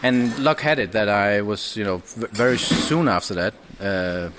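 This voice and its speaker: A man, a podcast guest chatting casually and haltingly, with many restarts and fillers. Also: lowish voice, heavy background noise. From Denmark. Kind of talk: casual chat. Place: indoors, over drinks.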